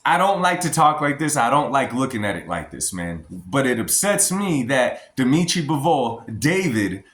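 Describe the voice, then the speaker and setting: A man's voice: mid-range voice, big pitch swings, normal speed, a bit bright. Emphatic American man in an echoey room. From United States. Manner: emphatic, repetitive, addresses viewers as y'all. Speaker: boxing commentary vlogger. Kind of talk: casual opinion vlog.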